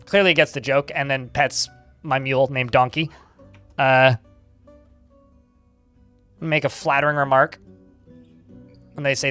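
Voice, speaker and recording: A man's voice: mid-range voice, little pitch movement, a little slow, pauses often, a bit bright, clean tone, faint music behind. A man giving casual live gameplay commentary, chatting, reading game text aloud and swearing casually. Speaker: game streamer.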